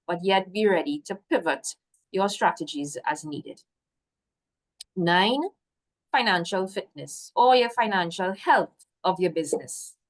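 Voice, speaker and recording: A woman presenting a business workshop over a video call, encouraging and working through a list of points. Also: lowish voice. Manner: encouraging, lists points, frequent "so". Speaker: workshop guest host. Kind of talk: webinar presentation.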